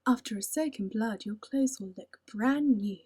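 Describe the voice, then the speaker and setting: A woman voicing a sinister parody ad announcer who speaks slowly in a dark, mellow tone. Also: on the high side, natural voice.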